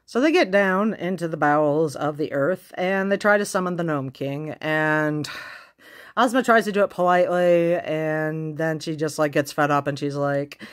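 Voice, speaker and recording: Chatty low-voiced woman retelling a book. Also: moderate pace. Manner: chatty, laughing, many fillers. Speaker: book vlogger. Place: inside a car.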